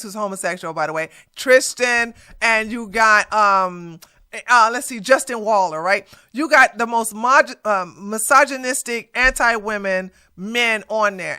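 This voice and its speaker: A woman's voice: on the high side, pushed and bright, clear, resonant tone. A woman hosting reaction commentary, blunt and mocking, with a profane edge. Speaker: commentary host.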